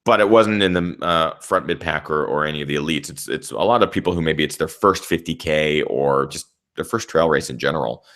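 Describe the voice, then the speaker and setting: A young man with a notably low, deep voice tells a race story with animated energy. His recap is casual and loose, and he swears without holding back. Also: fairly quick, few pauses. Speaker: trail runner and channel host.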